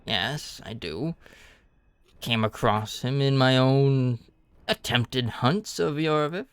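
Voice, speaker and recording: Smooth-voiced man running a tabletop game. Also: medium pitch, slow, fairly bright tone, no echo. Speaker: dungeon master.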